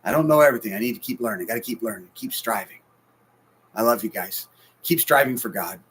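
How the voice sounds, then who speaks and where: A man in his forties preaching a heartfelt sermon, swinging between loud bursts and hushed, near-whispered lines. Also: mid-range voice, lively intonation, fast talker, breathy edge. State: sleepless and stressed. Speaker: pastor.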